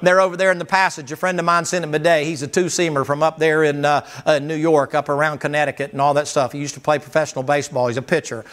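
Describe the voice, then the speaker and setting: A man's voice: fairly high pitch, level tone, quick pace, few pauses, a bit bright. A man preaching a sermon as pastor, folksy and emphatic, firing rhetorical questions at the congregation.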